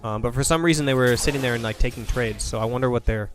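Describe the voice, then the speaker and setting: A man commentating a video game match, breaking plays down quickly and thinking aloud. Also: medium pitch, soft background music. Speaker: esports caster. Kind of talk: play-by-play and analysis commentary.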